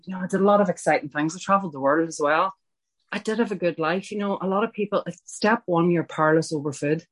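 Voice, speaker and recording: A middle-aged woman from Ireland sharing her personal recovery story at a support meeting, candid and self-mocking, with chatty asides. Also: low-pitched.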